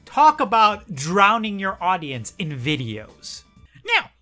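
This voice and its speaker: A woman's voice: medium pitch, wildly swooping pitch, takes it slowly, pushed and bright, faint music behind. A young woman from the Netherlands with a Dutch accent, narrating a sarcastic, profanity-laced commentary video. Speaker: YouTube commentator.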